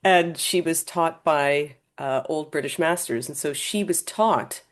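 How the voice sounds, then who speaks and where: Woman host, low register, emphatic storyteller, chatty interview. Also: measured pace. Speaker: podcast host. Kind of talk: conversational interview.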